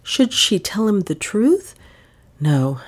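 A woman reading a novel aloud as an audiobook narrator, with expressive storytelling. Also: medium pitch, slow pace. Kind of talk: scripted narration.

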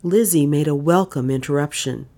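Measured, even narration comes from a woman with a low voice. She is an audiobook narrator reading a scripted mystery novel.

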